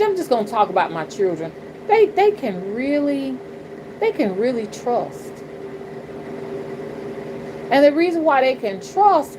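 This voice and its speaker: A middle-aged woman talks bluntly and profanely in a casual livestream, preaching her views and often asking "you understand?". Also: medium pitch. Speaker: spiritual reader and channel host. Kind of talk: casual livestream talk, greeting chat. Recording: noticeable background noise.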